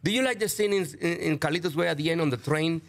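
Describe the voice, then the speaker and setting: A man's voice: a little high, very fast. A man from Cuba, an actor and stand-up comedian, chatting as a guest in an easygoing way with short answers. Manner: easygoing, short answers, plays along with jokes. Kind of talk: casual interview chat.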